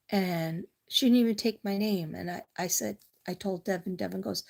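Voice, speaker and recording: A woman's voice: medium pitch, fairly even intonation, fairly quick, creaky, hardly any pauses, a little mellow. A middle-aged woman from Staten Island with a New York accent, giving a casual, rambling tarot reading full of personal stories. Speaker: tarot reader.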